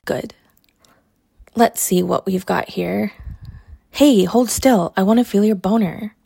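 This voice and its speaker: A young adult woman voices an audio role-play in a teasing, mocking way, laughing often. Her mid-range voice carries a gravelly fry. The sound is dry and close, with no room echo. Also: mid-range voice, fairly even intonation, unhurried, warm tone. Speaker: college athlete character in an audio role-play.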